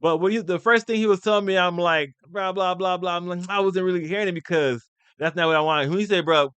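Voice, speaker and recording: A man's voice: a little high, fairly bright tone, clean tone, dry recording. Blunt young-sounding man ranting casually. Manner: blunt, opinionated, rambling with restarts. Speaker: commentary video host. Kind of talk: casual opinion commentary.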